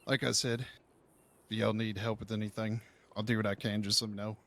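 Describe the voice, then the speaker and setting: Flat, low-voiced calm man. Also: fairly quick. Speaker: role-play player. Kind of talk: in-character role-play chat.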